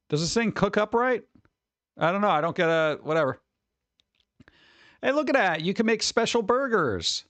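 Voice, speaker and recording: A man with a fairly high voice rambles through a casual stream, joking and launching into animated mock rants. He is heard close and dry on a desk mic, with no room sound. The delivery is loose and conversational. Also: moderate pace, long pauses, no room sound, highs cut off. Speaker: streamer host. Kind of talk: casual chat reacting to viewer messages.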